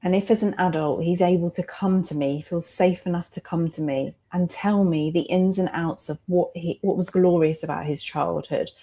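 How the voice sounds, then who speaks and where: Reflective woman with a low, mellow voice. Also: fairly even intonation, normal speed, few pauses. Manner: reflective and emotional, laughing often between thoughts. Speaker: mother in a roundtable discussion. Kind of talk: candid conversational sharing.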